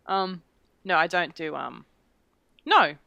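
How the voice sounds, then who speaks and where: A woman's voice: lowish voice, lively intonation, moderate pace, a bit bright, no room sound, dull audio. A young Australian woman with an Australian accent, chatting as an interviewee, joking, swearing freely and laughing often. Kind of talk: casual chat.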